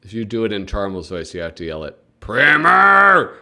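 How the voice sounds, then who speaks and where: A man's voice: low voice, fast talker. A man hosting a casual livestream, rambling and chatting with his viewers with plenty of fillers. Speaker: livestream host. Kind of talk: casual live commentary.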